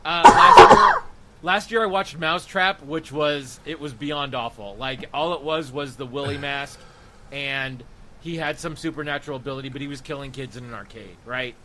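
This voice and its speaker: A man's voice: mid-range voice, sing-song, normal speed, bright, forceful tone, a little hiss or hum. A man on a podcast in casual chat, enthusing about a film with rambling restarts. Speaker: podcast co-host.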